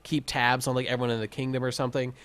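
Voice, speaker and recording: A young man co-hosting a casual podcast, talking excitedly with lots of stammered restarts. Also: medium pitch, racing, clean tone, dry recording. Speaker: podcast co-host. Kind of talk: casual chat.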